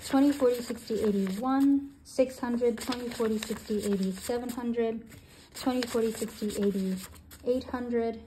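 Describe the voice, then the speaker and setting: A woman in her twenties, a budgeting channel host, counting cash aloud and thinking out loud as she sorts it. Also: fairly high pitch, normal speed, slight background noise. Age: 20s. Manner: counts bills aloud in steady runs; thinks aloud, with soft hesitations.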